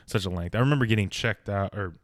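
A man's voice: lowish voice, fast talker, background noise. A man, co-hosting a casual podcast and telling rambling stories, acting out the quotes of the people in them. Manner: rambling, animated storytelling with acted-out quotes. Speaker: podcast co-host. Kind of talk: casual chat.

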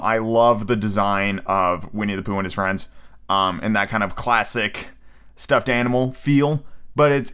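A man's voice: fairly low pitch, fairly bright tone. A man hosting a solo podcast in a casual, rambling way, with lots of fillers and restarts. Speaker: podcast host.

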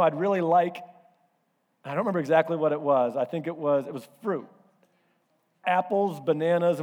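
A male pastor preaching a sermon, telling a personal story in an animated way and acting out voices and asides. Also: fairly high pitch. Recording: hall reverb.

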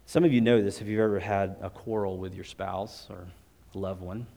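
A man's voice: low-pitched, steady tone, normal speed, gravelly, dark tone. A man preaching a sermon at a church service and closing in prayer. He talks in an earnest, conversational way, often restarting his sentences. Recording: long reverb of a large hall.

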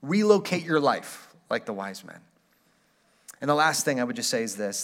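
A man's voice: mid-range voice, big pitch swings, moderate pace. A man preaching a sermon as pastor, earnest and inviting, and reading aloud from a classic story.

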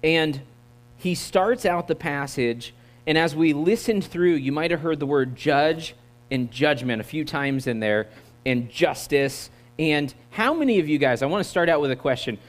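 A man's voice: fairly high pitch, animated, moderate pace. An American man preaching a sermon as a guest preacher. He talks in a conversational, joking way and draws the congregation in. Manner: conversational, joking, audience-engaging. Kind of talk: sermon with opening prayer.

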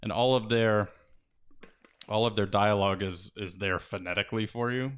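A man's voice: fairly low pitch, steady tone, normal speed, fairly bright tone, smooth. A man and father talking casually about reading books to his children, enthusiastic and a bit rambling. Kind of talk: casual chat.

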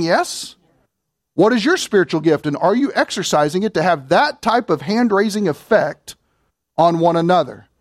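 Emphatic preacher man, dry close sound. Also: dry recording. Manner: emphatic, swings between loud and low, asks the congregation questions. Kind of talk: sermon.

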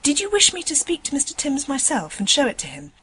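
A woman voicing a polite, well-spoken gentleman passenger who speaks in a courteous, measured way. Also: high voice, huge pitch swings, slight background noise, pitched above the performer's own voice, exaggerated voice, rough recording.

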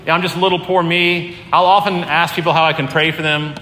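A man's voice: a little high, level tone, a little fast, sharp tone. A man preaching a sermon as pastor in a conversational, earnest way with many fillers. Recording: echoey hall, long reverb, faint room noise.

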